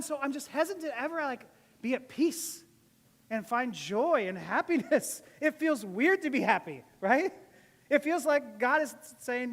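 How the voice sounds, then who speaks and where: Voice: high voice, animated, normal speed, a bit bright, in a large hall. A pastor giving a casual, joking sermon to a church, often laughing between points. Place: church service.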